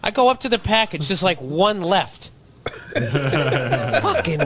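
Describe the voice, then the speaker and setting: A man's voice: sits high, very animated, a little slow, a crowd in the background. A man doing a crude, swaggering comedic rant as a solo podcast host, swearing freely and laughing at his own jokes.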